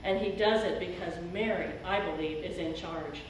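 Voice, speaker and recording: A woman's voice: fairly low pitch, moderate pace, slight background noise. Woman pastor, middle-aged, earnest emphatic sermon, heavy church echo, distant mic. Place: church sanctuary. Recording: very echoey church hall, speaker far from mic.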